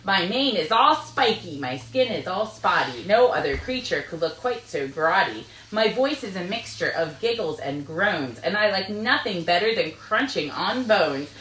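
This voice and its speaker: A woman's voice: fairly low pitch, lively intonation, normal speed, hardly any pauses, fairly bright tone, slight background noise. A woman voicing a boastful spotted hyena who brags about being mean and ugly, drawing out her words, in an echoey recording. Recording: roomy echo.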